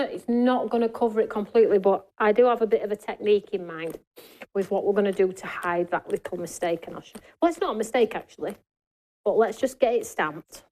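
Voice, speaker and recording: A woman's voice: mid-range voice, a little mellow. A woman hosting a live craft demonstration in a studio, chatting to her viewers and answering their comments as she works. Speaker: craft show host.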